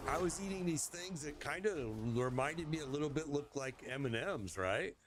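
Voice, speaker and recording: Animated rambling man telling a story. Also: on the high side, moderate pace, slight background noise. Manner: animated, rambling, swears casually. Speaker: gaming streamer telling a story. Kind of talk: casual storytelling while gaming.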